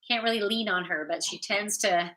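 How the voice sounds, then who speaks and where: A woman's voice: mid-range voice, normal speed, sharp tone. A woman from Ontario, Canada, chatting casually with viewers on a livestream as a yoga teacher and intuitive reader. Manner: upbeat and chatty, greets viewers by name.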